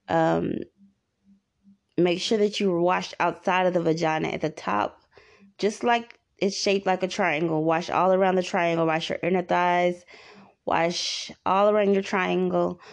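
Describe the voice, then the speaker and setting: Gravelly low-voiced woman giving rambling advice. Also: darkish tone. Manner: rambling, repetitive, instructive. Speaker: podcast host. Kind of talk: casual advice monologue.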